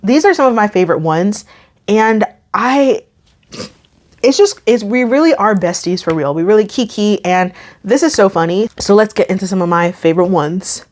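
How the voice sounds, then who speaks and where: A woman's voice: mid-range voice, expressive, normal speed, darkish tone. A young woman YouTube creator chatting casually to camera, emphatic and often restarting her sentences. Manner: chatty, emphatic, self-interrupting.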